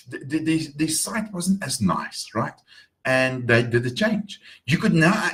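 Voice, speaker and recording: A man talking casually in an upbeat morning vlog, repeating words as he goes. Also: mid-range voice. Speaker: marketing vlogger.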